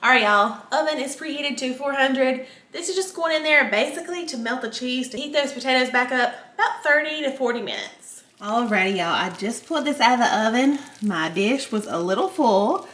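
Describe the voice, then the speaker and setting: A woman's voice: high-pitched, lively intonation, brisk, a bit bright. A woman hosting a home cooking video, chatting casually to viewers and giggling often. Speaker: cooking channel host. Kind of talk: casual cooking demo chat.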